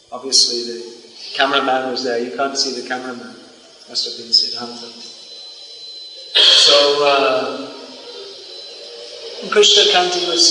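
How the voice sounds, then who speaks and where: A man's voice: mid-range voice, bright, forceful tone. Older man in an echoey hall. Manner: rambling storyteller, repeats words. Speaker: devotee giving a talk. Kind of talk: anecdotal devotional talk. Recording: echoey hall, mic far off.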